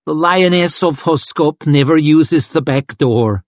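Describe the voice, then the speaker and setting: A man voicing a bold, towering woman warrior who speaks in loud, grand, theatrical declarations in an audiobook. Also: unhurried, dry recording, close to an everyday voice. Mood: boastful. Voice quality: loud, booming even in whispers. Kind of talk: audiobook character voice.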